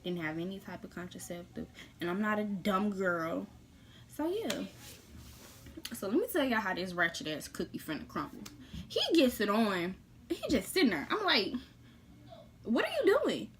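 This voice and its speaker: A woman telling a personal story to her viewers in a casual vlog, blunt and animated, jumping between loud bursts and quiet, hushed asides. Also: mid-range voice, moderate pace, slight background noise.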